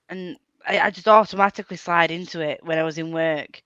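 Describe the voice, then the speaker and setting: Yorkshire woman, casual chat, bright crisp voice, dry sound. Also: on the low side, fairly even intonation, no echo, lo-fi sound. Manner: chatty, laughs often, quick storytelling. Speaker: book friend on a call. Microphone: video call.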